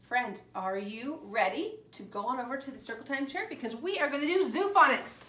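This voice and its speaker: High, bright-voiced woman leading preschool circle time. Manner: sing-song, animated, leading call-and-response chants. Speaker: preschool teacher. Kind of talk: circle-time lesson for young children. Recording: roomy echo from a distant mic.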